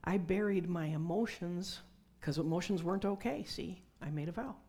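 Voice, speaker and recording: A woman's voice: fairly low pitch, normal speed, dark tone. A middle-aged woman preaching a conversational sermon with personal testimony, dropping to whispers for emphasis.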